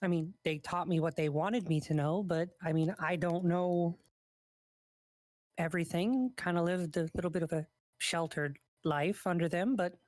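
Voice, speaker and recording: A woman's voice: lowish voice, normal speed, a little mellow, dry recording. A woman chatting in character during a live role-play, reassuring another character and narrating her own actions as she goes.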